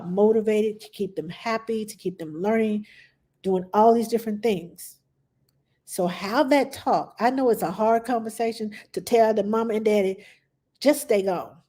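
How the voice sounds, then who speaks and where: A middle-aged woman, a nanny, giving passionate advice in a casual talk, sometimes acting out parents and children in a higher voice. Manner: passionate, animated, acts out quotes in a high voice.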